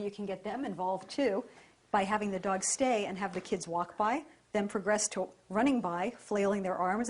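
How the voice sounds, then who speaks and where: Calm, breathy woman dog trainer. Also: mid-range voice. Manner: calm, even, soft praise to the dog.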